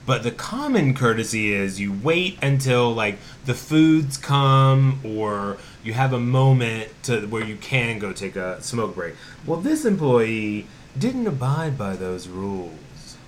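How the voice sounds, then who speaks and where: A man co-hosting a casual podcast, teasing his friend with quick, profane interjections. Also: medium pitch, very animated, slight background noise. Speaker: podcast co-host. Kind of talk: casual chat.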